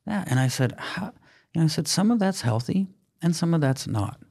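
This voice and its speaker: A man co-hosting a parenting podcast, telling a family story in an animated way, acting out the quoted dialogue. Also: fairly high pitch, brisk, gravelly, slightly rough. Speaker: podcast co-host. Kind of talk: casual parenting chat.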